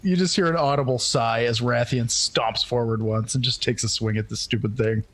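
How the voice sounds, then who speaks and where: A man's voice: medium pitch, fairly even intonation, normal speed, fairly bright tone. A man playing a tabletop game, narrating his character's actions with amusement. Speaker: player. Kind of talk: casual tabletop play.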